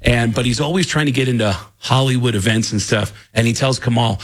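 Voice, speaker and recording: Husky man telling animated stories. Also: medium pitch, fairly quick, few pauses. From the Bronx, New York. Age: 50s. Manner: storytelling, animated, breaks into impressions. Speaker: comedian guest. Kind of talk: radio studio interview. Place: radio studio. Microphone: studio microphone.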